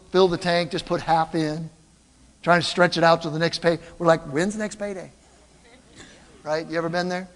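Older guy preaching to a congregation, pretty high voice, lots of energy, long hall echo. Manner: animated storytelling, calls out to the congregation. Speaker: pastor. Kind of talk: sermon. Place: church.

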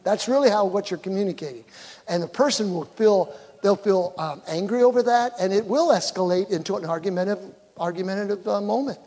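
A man's voice: sits high, brisk, mellow. A man, a pastor, giving a conversational sermon in church and acting out quoted voices. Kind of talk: sermon on communication. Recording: long reverb of a hall.

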